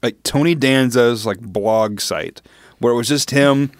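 A man's voice: medium pitch, a little slow, no room sound. A man co-hosting a comedy podcast in casual chat, joking and laughing often. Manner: giggly, jokey, laughs often. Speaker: podcast co-host.

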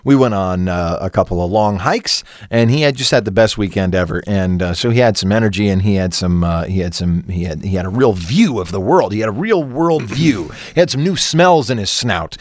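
A man co-hosting a comedy podcast, telling a long rude anecdote in casual chat, animated and swearing freely. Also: on the low side, a little fast, hardly any pauses, no echo. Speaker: podcast co-host.

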